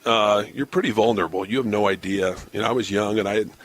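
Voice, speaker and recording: A man in his forties, a baseball broadcaster, telling lively stories in a casual podcast interview and laughing often. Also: fairly low pitch, fast talker. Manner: animated storyteller, laughs often, acts out quotes.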